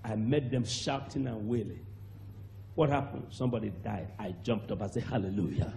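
A man with a Nigerian accent preaching a sermon, telling a testimony with animated acted-out voices and sudden shouts. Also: fairly low pitch, normal speed, gravelly, a faint crowd, slight background noise. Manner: animated storyteller, acts out voices, bursts into shouts and laughter.

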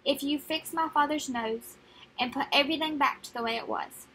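A woman's voice: high voice, normal speed, fairly bright tone, a little hiss or hum, rough recording. A woman voicing a brave ten-year-old prince in a storybook reading, earnest and eager.

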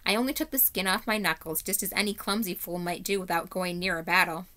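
A woman voicing an earnest young boy prince who talks quickly and eagerly, while reading a story aloud to children. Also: fairly low pitch, sharp tone.

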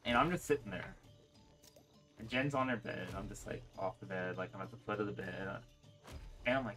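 A man's voice: lowish voice, a little fast, pauses often, pushed and bright, faint music behind. A young man chatting casually while gaming, rambling and swearing freely as he tells a story. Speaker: gaming streamer. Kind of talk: casual chat while playing.

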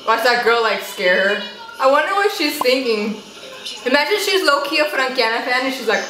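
Bright, chatty young woman reacting. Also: on the high side, very animated, fairly quick. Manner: chatty, exclaims and gasps often. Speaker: YouTube reactor. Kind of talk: casual reaction commentary. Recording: echoey room with faint noise.

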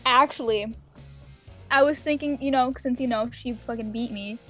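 High-voiced playful woman on a call. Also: moderate pace, a bit bright, faint music behind. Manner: playful, teasing. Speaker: participant in a group call. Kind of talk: casual chat on a voice call. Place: at home.

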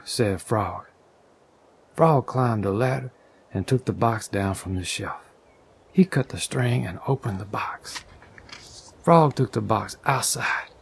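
A man reading a children's story aloud in a soft, partly whispered ASMR style, close on a condenser microphone. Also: fairly low pitch, slow pace, vocal fry, long pauses, breathy edge. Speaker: storybook reader.

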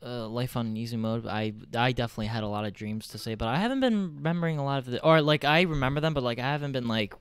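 Smooth-voiced man hosting a casual podcast. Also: medium pitch, fast talker, few pauses, dry recording. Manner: rambling, filler-heavy explainer. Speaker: podcast host.

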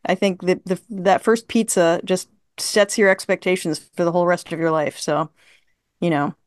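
A talkative woman in her fifties, a writer being interviewed, who tells long anecdotes full of fillers and restarts. Her voice sits a bit low. The sound is dry, with almost no room reflection. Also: moderate pace, no echo. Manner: chatty storyteller, laughs often, many fillers. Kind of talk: casual conversation.

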